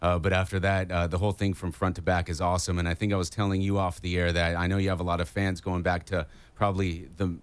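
Chatty deep-voiced radio host. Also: male voice, little pitch movement, fast talker, hardly any pauses, clear, resonant tone, dry recording. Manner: chatty, enthusiastic, lots of fillers. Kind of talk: casual radio interview.

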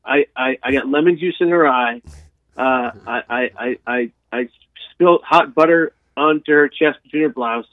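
A man telling a long personal story in an interview, animated, with frequent restarts and repeated words. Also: mid-range voice, normal speed, no echo. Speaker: guest sharing his life story. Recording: dry tinny phone-like sound.

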